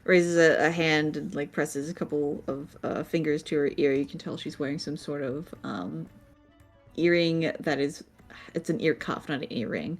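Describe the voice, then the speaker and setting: A woman narrating a tabletop game as game master, halting with fillers and frequent laughs. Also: low-pitched, faint music behind. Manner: halting, many fillers, giggly.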